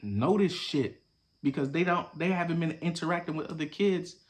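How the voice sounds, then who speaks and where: A young man hosting a podcast, casually reacting to a viral video with profane, animated commentary that swings between loud bursts and low mutters. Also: moderate pace.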